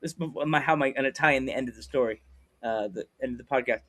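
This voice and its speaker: A man hosting a podcast over a video call, telling stories in a lively way and acting out what people said. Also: mid-range voice, fast. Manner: animated storyteller acting out quotes. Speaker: podcast host. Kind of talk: casual storytelling chat.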